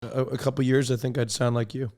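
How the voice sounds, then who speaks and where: A man's voice: mid-range voice, flat delivery, quick pace, darkish tone. A man with a Southern American accent, chatting as a guest in an easygoing, joking way. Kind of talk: casual stream chat.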